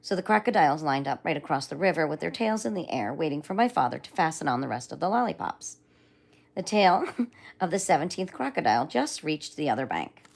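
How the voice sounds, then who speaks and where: A woman reading a children's book aloud on a livestream in a lively, expressive way. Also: sits low, brisk, vocal fry. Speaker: livestream storyteller.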